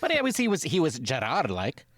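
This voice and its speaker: A man co-hosting a sports podcast with his brother, talking in a rambling, animated way and often acting out quotes. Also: a little high, brisk, no room sound, studio quality. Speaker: podcast co-host. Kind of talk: casual sports chat.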